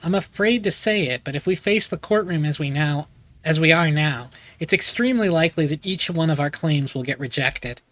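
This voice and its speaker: A man's voice: a little high, a little fast, fairly bright tone, no echo, natural voice, low-quality recording. A man reading as a formal lawyer. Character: formal male lawyer reporting by phone. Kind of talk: reading game dialogue aloud.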